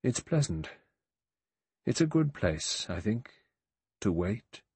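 A man over sixty voicing a quiet, grave old male general who speaks gently and slowly. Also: lowish voice, sing-song, husky, dry recording, full character voice. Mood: gentle. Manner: gentle, slow, musing.

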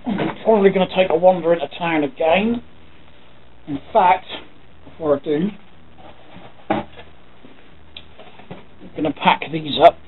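A man's voice: fairly high pitch, measured pace, pauses often. An English man vlogging casually, thinking aloud as he goes and swearing now and then. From England. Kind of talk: casual talking to camera. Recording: tinny phone-like sound with faint noise.

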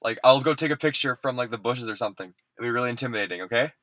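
A man doing a comic parody vlog skit, talking mock-serious and getting hyper, sometimes shouting. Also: medium pitch, very fast, no echo, poor audio. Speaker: parody vlogger.

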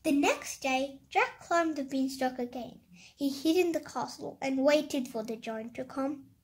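A child reading a picture book aloud, slowly and carefully, stopping to describe the pictures. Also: high-pitched. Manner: slow careful reading, halting comments. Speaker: story reader.

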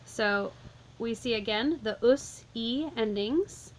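A woman walking through a vocabulary lesson, explaining calmly and methodically, step by step. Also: on the high side, takes it slowly, poor audio. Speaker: Latin teacher.

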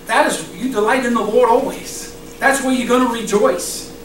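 A man's voice: very high voice, moderate pace, a little hiss or hum. A man preaching a sermon with fervent conviction, often breaking into laughter between phrases. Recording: echoey room, mic far off.

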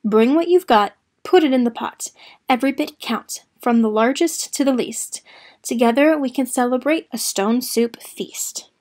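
A clever, jolly wandering cook played by a woman coaxes a whole village in a storybook tale. He speaks in a showy, sing-song chant with a fairly high, bright tone. The reading is lively and playful. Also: normal speed, natural voice. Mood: cheerful. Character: clever cheerful male traveling cooks.

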